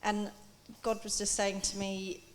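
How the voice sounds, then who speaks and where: A woman's voice: mid-range voice, level tone, unhurried, a little hiss or hum. A woman telling her story in a church, answering the pastor in a plain, earnest way. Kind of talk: interview testimony.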